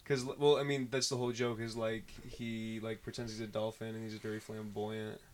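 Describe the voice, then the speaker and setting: A man's voice: on the low side, little pitch movement, fairly quick, darkish tone. A man chatting casually with friends, joking and rambling, with a slight lisp on his th sounds. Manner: joking, rambling, laughs often. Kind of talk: casual chat among friends.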